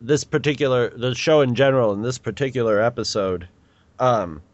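This podcast co-host is a man in his forties whose casual chat rambles, full of restarts and laughter. He speaks at a moderate pace in a medium pitch, and the audio is dull, with no room sound.

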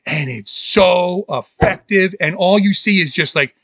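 A man co-hosting a podcast in casual chat, excitably acting out movie scenes in quoted voices. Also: high-pitched, measured pace, dry recording. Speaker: podcast co-host.

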